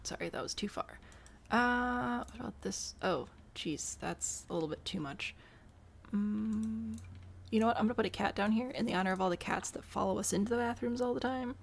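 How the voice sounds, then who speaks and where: A woman's voice: a little high, moderate pace, vocal fry. A woman live-streaming a building game, chatty and self-amused as she talks to her chat while she builds. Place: home room.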